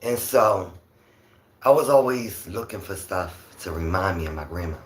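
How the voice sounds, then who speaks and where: A man with a raspy, fairly low voice hosts a laid-back livestream, talking just above a whisper. He rambles along with lots of fillers. The sound has a noticeable roomy echo. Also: animated, moderate pace. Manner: talks softly, near a whisper; rambling, chatty, with many fillers. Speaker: livestream host. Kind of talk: casual livestream chat.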